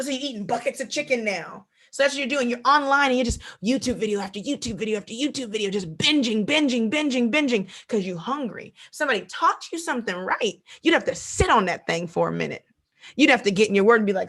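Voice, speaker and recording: A woman with speech preaches a Bible lesson in a lively, animated way. Her voice sits a little high, and she slips into quoted voices and hammers home repeated phrases. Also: fast. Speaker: Bible teacher. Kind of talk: sermon teaching.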